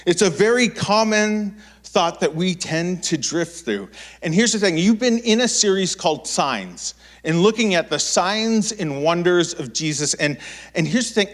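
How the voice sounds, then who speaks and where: A man in his thirties preaching in a church, telling a childhood story with lively acted-out voices and frequent restarts. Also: sits high. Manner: animated, acts out quoted voices, many restarts. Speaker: pastor. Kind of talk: storytelling sermon.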